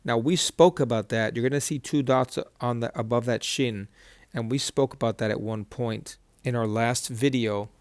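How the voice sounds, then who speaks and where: A man of ordinary pitch teaches a reading lesson, writing as he talks. He breaks each word into slow syllables and repeats them patiently. The sound is close and dry. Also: steady tone, no echo. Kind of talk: whiteboard lesson.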